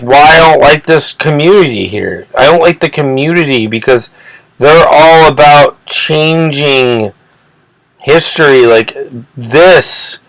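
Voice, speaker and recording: Swearing freely, the host of his own channel delivers an agitated rant, rambling and restarting his sentences over and over with repeated words. The fairly high, slightly bright voice comes through a rough recording with no echo.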